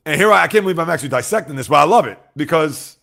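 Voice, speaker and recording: A man runs a casual sports livestream and talks straight to his chat. His voice sits a little high with a gravelly edge. He swings between loud outbursts and quiet asides. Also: animated, very fast. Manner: talks straight to chat, reads out viewer comments.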